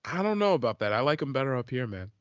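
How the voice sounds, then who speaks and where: A man's voice: mid-range voice, sing-song, fast, dry recording. A young man co-hosting a podcast in casual chat, teasing and joking with crude swears. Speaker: podcast co-host. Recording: dull, dry, lo-fi podcast mic.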